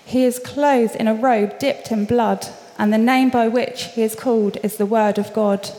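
A woman reading scripture aloud in a steady, measured way. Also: fairly high pitch. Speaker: scripture reader. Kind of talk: public Bible reading. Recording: long reverb.

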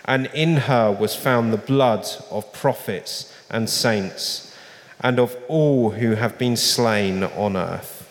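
A man reading scripture aloud in a slow, solemn manner, lifting his voice for the quoted laments. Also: fairly low pitch. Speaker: scripture reader. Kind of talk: public Bible reading. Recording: long reverb.

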